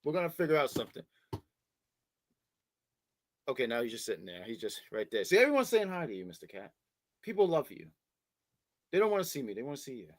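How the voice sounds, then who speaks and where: A man's voice: medium pitch, dry recording. A man co-hosting a wrestling review show, talking casually and with feeling, often repeating his words as he starts a thought. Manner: animated, repeats words, baby-talks to his cat.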